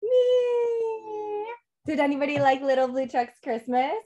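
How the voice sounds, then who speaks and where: A woman reading a picture book aloud to toddlers, animated and sing-song, gasping with excitement and asking the children questions. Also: fairly high pitch, takes it slowly, dull audio. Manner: asks the children questions throughout. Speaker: toddler book club reader.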